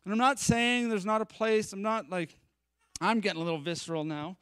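A man preaching a conversational sermon at a live-streamed church service. He is animated and chatty, with self-deprecating asides. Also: high voice, a little fast, clean tone, dry recording. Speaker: pastor.

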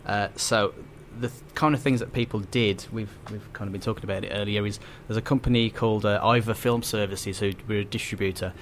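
Halting, chuckling man with a low voice. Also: steady tone, slight background noise. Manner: enthusiastic, halting, chuckles often. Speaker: guest. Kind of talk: casual radio chat.

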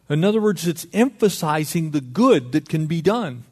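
A middle-aged man preaching a sermon, lively and conversational, acting out little dialogues. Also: a little high, normal speed, few pauses. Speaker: pastor.

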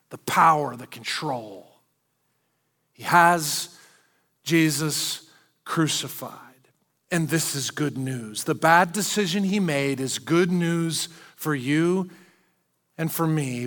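A man preaching a sermon as pastor, animated and acting out the quoted lines of the figures in the story. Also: a little high, long reverb tail. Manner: animated, acts out quoted speech.

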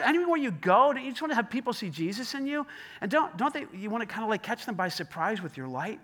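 A man's voice: sits high, bright, forceful tone. A man preaching a sermon in an emphatic, conversational way, often repeating himself. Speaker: pastor.

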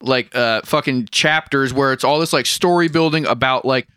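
A man's voice: mid-range voice, moderate pace, sharp tone, smooth, no echo, clean studio sound. A man co-hosting a podcast, chatting casually and bluntly with friends, swearing freely and laughing often. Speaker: podcast co-host. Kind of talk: casual profane chat about a manga.

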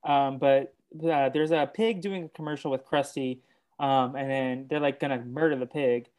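Halting man recapping a movie. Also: mid-range voice, steady tone, darkish tone, clear, resonant tone. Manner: halting, full of ums and restarts. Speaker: podcast co-host. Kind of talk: casual movie recap chat.

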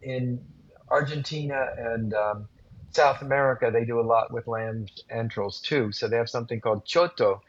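A man's voice: medium pitch, moderate pace, no room sound. A man who is a guest on a grilling podcast, telling vivid anecdotes in an interview. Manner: animated, vivid storyteller. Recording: slightly muffled dry recording.

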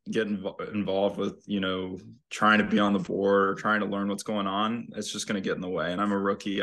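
A young man speaking as a podcast guest about his sport. His voice sits low and fairly flat in pitch yet has a bright, forward tone. He talks in a relaxed, meandering way, circling back with fillers and restarts. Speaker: professional golfer guest. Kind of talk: casual interview talk.

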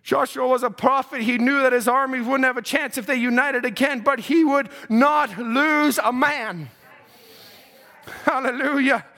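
A male preacher with a very high, bright and forceful voice. He delivers an impassioned sermon, pressing his points home, calling out hallelujah and climbing into shouts. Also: measured pace. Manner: impassioned, repeats cries of hallelujah, rises to shouts. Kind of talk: fervent sermon.

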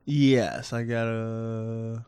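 A man's voice: on the low side, little pitch movement, drawn-out words, a little mellow, clear, resonant tone, no echo. A man co-hosting a casual podcast, blunt and laid-back, trailing off into fillers. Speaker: podcast co-host. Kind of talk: casual chat.

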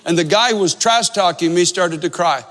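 Pastor, male, high voice, earnest storyteller, echoing sanctuary. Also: moderate pace, a bit bright. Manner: earnest storytelling, repeats phrases for emphasis. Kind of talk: sermon with storytelling.

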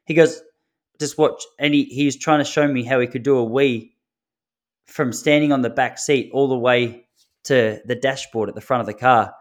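A man's voice: mid-range voice, steady tone, moderate pace. A man, hosting a podcast as a laid-back comedic storyteller who chuckles at his own jokes. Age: 30s. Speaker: podcast host. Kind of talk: solo comedic podcast monologue.

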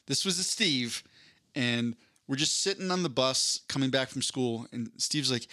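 A man chatting on a podcast, with a bright, forceful voice recorded close and dry. He tells stories in an animated way, with quick asides and casual swearing. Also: medium pitch, dry recording. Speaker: podcast co-host. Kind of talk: casual chat, storytelling.

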